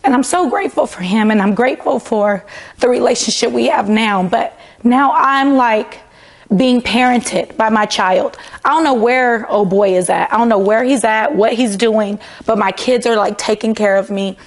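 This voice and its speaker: A woman's voice: a little high, normal speed. A woman in her thirties, an interview guest telling a personal story in a conversational way, filling her speech with "like" and quoting what she said and thought back then. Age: 30s. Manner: conversational, frequent "like" fillers, quotes her own past words.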